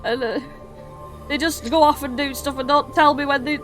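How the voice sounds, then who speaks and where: A panicked, scatterbrained father, put on by a woman, his voice jumps up high and gets loud. He stammers and repeats himself. A tabletop-game character voice. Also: steady tone, normal speed, faint music behind. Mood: flustered.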